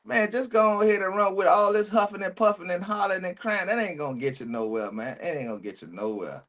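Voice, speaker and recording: A man's voice: high voice, expressive, fast, fairly bright tone. A man streaming a reaction, talking back at a video in blunt, slangy commentary.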